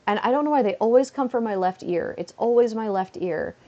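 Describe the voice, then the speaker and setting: A woman from Canada rambles through a casual livestream chat at home on a beanbag, using "like" as a frequent filler. Her mellow voice is fairly high in pitch and a little fast, captured with lo-fi sound.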